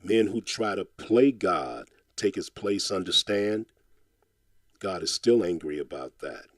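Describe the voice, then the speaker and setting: Man, low register, dry close sound; rhythmic, impassioned spoken-word recital with a hammering refrain. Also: lively intonation, takes it slowly, dry recording. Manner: rhythmic, insistent delivery with a repeated refrain; impassioned, exhorting tone.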